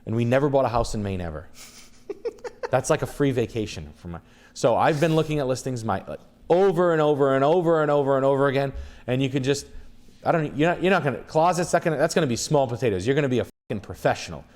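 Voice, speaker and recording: A man's voice: mid-range voice, animated, fast, darkish tone. A man in his thirties, a streamer, telling crude, rambling comedic stories in casual chat. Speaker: streamer and host.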